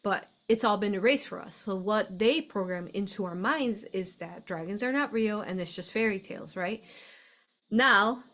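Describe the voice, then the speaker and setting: A woman's voice: mid-range voice, normal speed, fairly bright tone. A woman from the United States hosting a spiritual live stream, talking casually and effusively with frequent laughs and fillers. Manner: chatty, effusive, laughs often, many fillers. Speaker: host of a spiritual live show.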